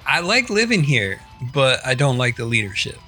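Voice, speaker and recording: Easygoing, bright-voiced podcast cohost. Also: male voice, medium pitch, very animated, moderate pace, soft background music. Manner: easygoing, laughs along, fillers. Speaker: podcast co-host. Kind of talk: casual podcast chat.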